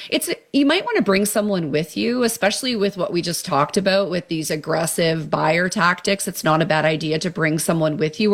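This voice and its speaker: A woman, a consumer protection expert, explaining scams in a friendly, chatty way as a guest on a radio show. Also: lowish voice.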